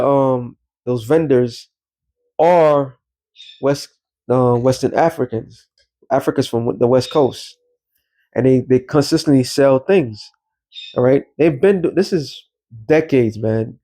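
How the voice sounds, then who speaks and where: A man's voice: mid-range voice, slow pace, long pauses, mellow. New guy rambling through a casual commentary vlog, loose street talk. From New York. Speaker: religious commentator.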